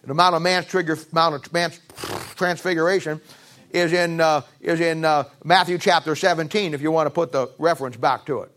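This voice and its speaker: A man preaching a sermon with emphatic, repeated phrases, swinging from raised peaks to low drops. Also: fairly even intonation, brisk, fairly bright tone. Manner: emphatic, rising to high-pitched emphasis and dropping low.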